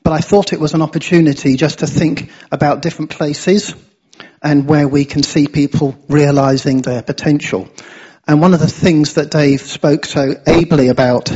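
A man's voice: on the high side, fairly even intonation, unhurried, a little mellow, husky, dull audio. A man speaking to a church congregation in a chatty, informal, encouraging way, leading prayer and a sermon.

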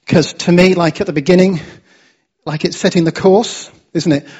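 A man's voice: sits high, steady tone, normal speed, a little mellow, husky, dull audio. A man speaking to a church congregation in a chatty, informal, encouraging way, leading prayer and a sermon.

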